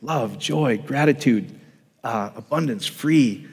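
A man's voice: medium pitch, slow pace, husky, long reverb tail. A man preaching a sermon, emphatic and repetitive, often restarting his sentences. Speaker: pastor.

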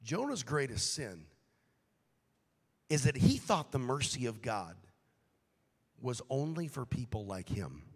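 A man preaching a sermon as pastor, shifting from quiet, hushed passages to loud, shouted appeals, acting out the voices he quotes. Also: medium pitch, big pitch swings, slow pace, pauses often, slightly rough, in a large hall. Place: church sanctuary.

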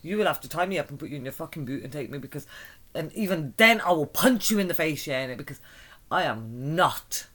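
A woman bantering with a friend, stubborn and sweary, mock-threatening and refusing flatly. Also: sits low, fast talker. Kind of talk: casual banter.

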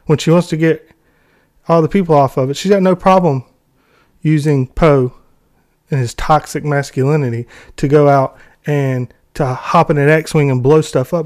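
A man's voice: on the high side, darkish tone. A man giving casual commentary, ranting with heavy sarcasm and mocking asides.

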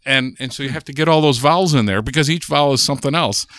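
A man's voice: medium pitch, fast, fairly bright tone, dry recording, studio quality. An American man, a guest linguist on a podcast, explaining ideas patiently and thinking aloud as he goes. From United States. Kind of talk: podcast interview.

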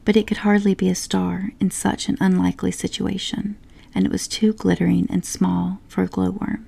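Lady whispering a bedtime-style story slow and soft, kinda gravelly, mellow tone. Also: medium pitch, little pitch movement. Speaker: narrator.

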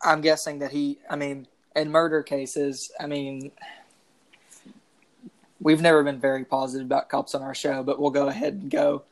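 A woman's voice: rumbling low, little pitch movement, normal speed. A woman co-hosting a casual true-crime podcast, rambling with many fillers. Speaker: podcast co-host.

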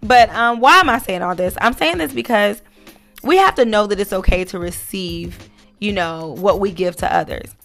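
A woman hosts her own podcast in a relaxed, heartfelt monologue, full of "you know" and "um". Her voice has a gravelly fry to it, and soft music plays faintly underneath. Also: medium pitch, normal speed. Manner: earnest, motivational, many fillers. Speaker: podcast host. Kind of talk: casual encouraging monologue.

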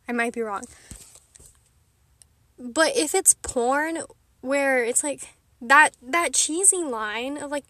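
A woman's voice: high-pitched, fairly bright tone, dry recording. A young woman talking frankly to her viewers in a rambling, casual way, often laughing. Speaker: vlogger. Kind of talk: candid casual chat to camera.

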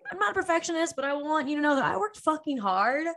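A woman's voice: high-pitched, very animated, quick pace, a bit bright. A young woman hosting her own podcast, talking unscripted, emotional and laughing, swearing freely as she chats. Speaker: podcast host. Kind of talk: unscripted casual podcast talk.

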